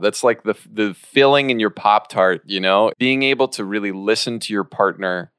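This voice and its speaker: A man's voice: lowish voice, normal speed, few pauses, fairly bright tone, smooth, dry recording, clean studio sound. A man co-hosting a casual improv podcast, earnest and explanatory.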